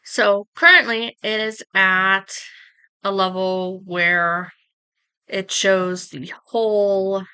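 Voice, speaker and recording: A woman streamer explains her setup in an unhurried, casual live tutorial, chatting with asides to her viewers. Her voice is bright and crisp, recorded close on a streaming mic. She takes her time over every step. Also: mid-range voice, fairly even intonation. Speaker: streamer teaching streaming software. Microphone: streaming microphone close up.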